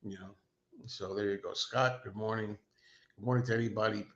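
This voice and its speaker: A man's voice: fairly low pitch, fairly even intonation, a little fast, fairly bright tone, muffled recording. A man hosting a casual livestream, rambling and self-deprecating, talking as an enthusiastic fan. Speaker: host.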